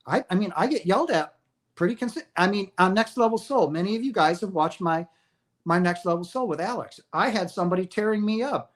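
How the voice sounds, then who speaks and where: An emphatic man speaks straight to his livestream viewers in a loose, animated way. His voice sits a little high for a man, and he keeps checking in with a quick "right?" as he talks. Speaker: livestream host sharing near-death experience views. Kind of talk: casual livestream talk to viewers. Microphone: streaming setup mic.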